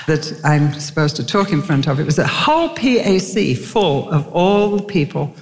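Animated older woman preaching in a hall. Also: low-pitched. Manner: animated storytelling with acted quotes. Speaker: Christian speaker. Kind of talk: sermon. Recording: long hall reverb with faint music.

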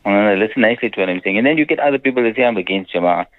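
Stern scholar on radio. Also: male voice, fairly low pitch, lively intonation, racing. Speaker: Islamic scholar answering listener questions. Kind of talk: radio call-in talk. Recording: dull radio broadcast sound.

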